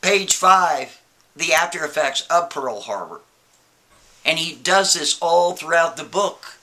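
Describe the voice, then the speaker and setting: A man casually telling a spooky story, lively and full of rhetorical questions. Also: fairly high pitch, slow pace. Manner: animated, keeps asking "right?" and rhetorical questions.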